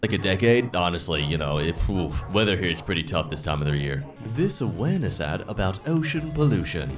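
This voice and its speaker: A man's voice: deep voice, very animated, fairly quick, far from the mic, faint music behind. A man narrating a compilation of funny posts with dry, sarcastic jokes. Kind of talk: comic scripted narration.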